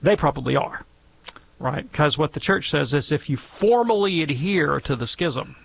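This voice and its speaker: A man from Alabama, USA, with a high-leaning, gravelly and animated voice, speaks at normal speed. As a guest theologian on a call-in radio show, he answers listener questions, explaining ideas casually while rambling off into jokey, playful tangents.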